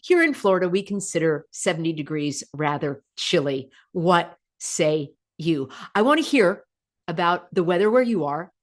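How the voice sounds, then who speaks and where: A woman hosts her own broadcast in a casual, chatty way, reacting and laughing as she goes. Her pitch swings widely from line to line. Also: normal speed. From United States. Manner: chatty, animated, laughs often. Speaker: host.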